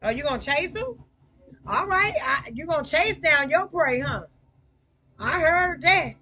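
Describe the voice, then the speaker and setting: A woman hosting a livestream, chatting casually and cheering on her teammate with excited, slangy play-by-play. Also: high-pitched, unhurried. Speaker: livestream gamer host. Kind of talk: casual gaming chat.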